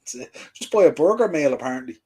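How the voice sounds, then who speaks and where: A man's voice: fairly high pitch, animated, fairly quick, warm tone, breathy edge. Guy hosting a wrestling podcast, chatty, laughs a lot, lots of ums. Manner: chatty, laughs easily, trails off with fillers. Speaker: podcast host. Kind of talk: casual wrestling chat.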